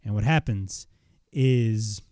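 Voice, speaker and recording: A man retelling a wrestling show in a casual, excitable recap, swearing freely as he goes. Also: lowish voice, slow, no room sound, clean studio sound.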